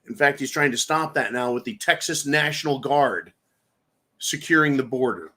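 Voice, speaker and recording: Guy ranting on his livestream, kinda high voice, mocking and crude. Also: bright, forceful tone. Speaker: livestream host. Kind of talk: political commentary livestream.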